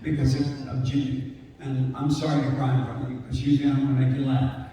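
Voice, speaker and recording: A man's voice: medium pitch, little pitch movement, brisk, warm tone. An older man answering fan questions at a convention panel, rambling and emotional, at times close to tears. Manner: gruff, rambling, breaks down near tears. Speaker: celebrity convention panel guest. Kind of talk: emotional storytelling Q&A. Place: large convention hall. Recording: echoey hall, captured from far off.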